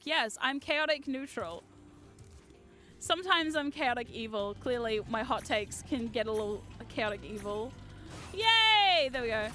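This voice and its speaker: A woman streaming a game, chatting excitedly with her viewers, swearing freely and shouting at the game. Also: a little high. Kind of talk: live-stream gameplay chat.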